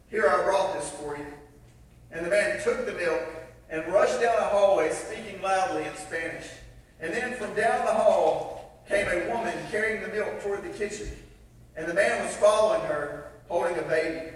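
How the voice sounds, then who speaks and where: A man's voice: high voice, moderate pace. A man preaching a sermon, telling a story with acted-out voices and laughing at himself. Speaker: pastor. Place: large church sanctuary. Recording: echoey hall from far off.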